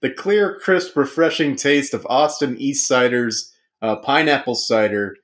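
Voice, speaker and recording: The host of a casual comedy podcast talks a little slowly, his medium-pitched voice a bit bright. He jokes around and puts on a sportscaster-style intro voice, and the audio comes from a remote call recording.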